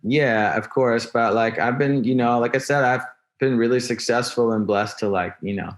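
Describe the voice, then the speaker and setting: A man guesting on an interview show, chatting casually and rambling through his answers with loose, unhurried phrasing. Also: mid-range voice. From New Jersey. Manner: rambling, many fillers and restarts, laid-back. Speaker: guest, rapper.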